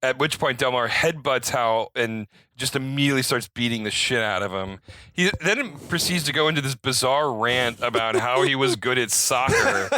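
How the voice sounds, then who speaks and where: A man recapping a movie in casual podcast chat, talking fast and loose, laughing and acting out lines as he goes. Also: medium pitch, bright, forceful tone, no room sound. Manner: chatty, laughing, acts out quotes. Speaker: podcast host recapping a film.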